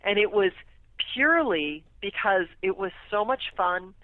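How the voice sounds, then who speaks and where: A woman telling a lively story as a guest on a radio talk show, laughing often as she talks. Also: medium pitch, unhurried, no echo. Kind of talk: casual storytelling interview. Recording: tinny phone line, dry.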